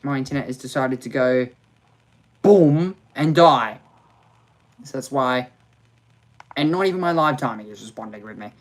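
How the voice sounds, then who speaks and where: A man's voice: medium pitch, brisk, fairly bright tone. A man hosting a live motorsport watch-along, talking to his viewers in a sarcastic, exasperated way and muttering to himself.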